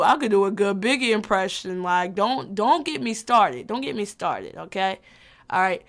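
A woman's voice: medium pitch, a bit bright. A woman in her twenties talking casually as a vlogger, loose and profane, often restarting her sentences. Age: 20s. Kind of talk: casual chat.

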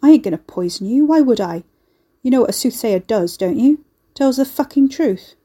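A woman's voice: on the high side, animated, moderate pace, warm tone, breathy edge, voice pushed up. A woman voicing a shifty, sarcastic male soothsayer, talking in a blunt, teasing way. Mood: brusque. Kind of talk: audiobook character voice.

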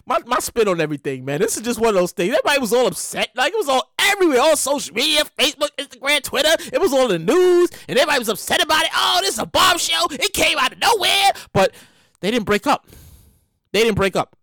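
This solo show host has a voice that sits high and talks fast, captured in clean studio sound without room noise. Rambling and animated, the host riffs on celebrity news in a slangy, conversational way, swearing freely and repeating lines for emphasis.

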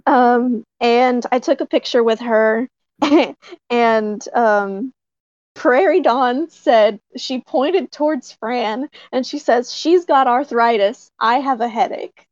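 A woman puppeteer telling a story in casual talk, excited, often laughing and using many fillers. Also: on the high side, no echo. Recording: dry, slightly dull recording.

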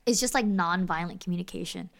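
A woman in casual podcast chat, animated and full of "like" and "right?". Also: fairly low pitch, fast, creaky.

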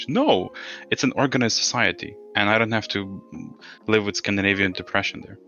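A man's voice: on the low side, fast talker, sharp tone, muffled recording, faint music behind. A man co-hosting a casual podcast chat, blunt, joking and swearing freely. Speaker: podcast co-host.

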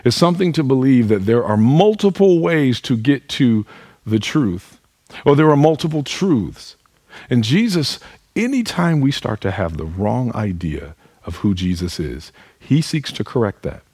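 Husky-voiced man preaching a sermon. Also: mid-range voice, very animated, measured pace, darkish tone, no room sound. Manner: earnest, asks the listeners direct questions; speaks to the congregation as "y'all". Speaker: pastor.

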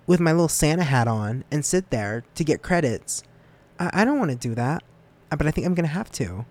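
A young adult from the United States hosts a student podcast solo, talking briskly and informally. He rambles, makes fun of himself, and his voice leaps suddenly and lively upward in pitch.

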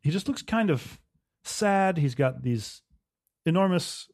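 A man's voice: a little high, lively intonation, takes it slowly, darkish tone. A man co-hosting a podcast in casual chat, cracking jokes and teasing his friends. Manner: wisecracking, teasing. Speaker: podcast co-host.

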